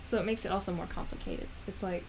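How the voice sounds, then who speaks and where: A woman's voice: mid-range voice, fairly even intonation, fast, a little mellow, slight background noise. A woman rambling in casual chat, giggly and self-deprecating. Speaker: animator and vlogger.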